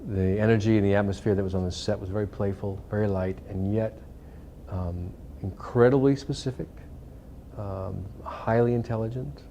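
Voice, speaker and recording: Low, mellow-voiced middle-aged man. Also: fairly even intonation, moderate pace, highs cut off, slight background noise. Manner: rambling and reflective, with many fillers and restarts. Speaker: actor interviewed about a film. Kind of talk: casual interview talk.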